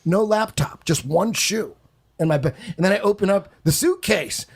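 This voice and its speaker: A man with a fairly high, husky voice tells a story on a podcast. He rambles, circles back and repeats himself, and swears freely. His tone has a gravelly edge throughout. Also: normal speed. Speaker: podcast guest. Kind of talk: casual storytelling.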